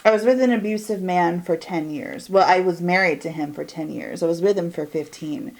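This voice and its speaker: A woman's voice: on the low side, moderate pace, creaky, few pauses, a little mellow. A woman in her forties, vlogging a chatty get-ready-with-me while doing her makeup at home, talking in a candid, rambling way that drawls and trails off. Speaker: beauty vlogger.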